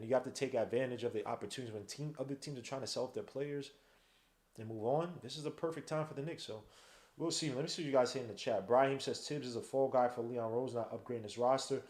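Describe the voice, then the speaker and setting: A man's voice: fairly high pitch, echoey room. A man hosting a live game watch-along stream, ranting in slangy, casual talk and calling listeners bro. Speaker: podcast host.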